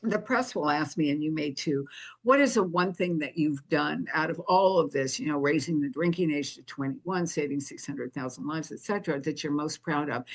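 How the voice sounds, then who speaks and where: Older woman, low-pitched storyteller. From United States. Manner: animated storyteller who acts out quoted dialogue. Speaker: guest, activist founder. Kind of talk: conversational storytelling interview.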